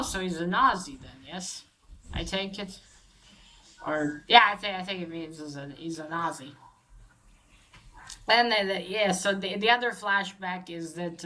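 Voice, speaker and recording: Woman, slow unhurried delivery, bright voice, casual plot recap, halting with fillers. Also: on the low side, poor audio. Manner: halting, many fillers and restarts. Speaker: comic book reviewer.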